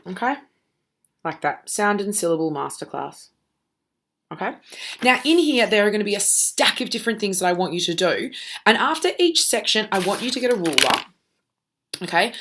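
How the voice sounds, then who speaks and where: A woman's voice: mid-range voice, expressive, brisk, a bit bright, a little hiss or hum. A woman teacher giving a recorded lesson, walking students through a task patiently and checking in with "okay?" after each step.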